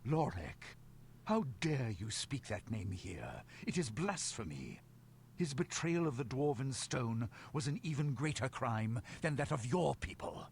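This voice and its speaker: A man's voice: mid-range voice, sing-song, a little slow, creaky, a little mellow, slight background noise. An actor playing a proud, wrathful old dwarf king in a video game, with a commanding, suspicious manner. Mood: indignant.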